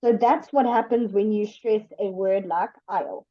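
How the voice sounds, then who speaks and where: A woman's voice: medium pitch, fairly even intonation, dry recording. A woman gives an online English lesson, patient and careful, walking through each point with examples. Her voice sits in the middle range. The sound is dry and a little muffled. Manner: patient, explains slowly with examples. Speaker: English teacher.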